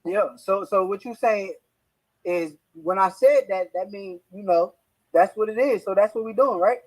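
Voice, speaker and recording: A man's voice: sits high, normal speed, poor audio. A man, a professional boxer, talking in a laid-back way on a video call, stammering a little and pushing back. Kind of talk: heated call with a trainer. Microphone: video call audio.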